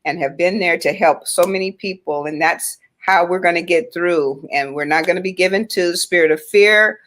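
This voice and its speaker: A woman with a fairly low voice hosts a faith-centered talk show. She talks in an encouraging, affirming way. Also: moderate pace, fairly bright tone. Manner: encouraging, affirming, frequent "right". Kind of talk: faith-based casual chat.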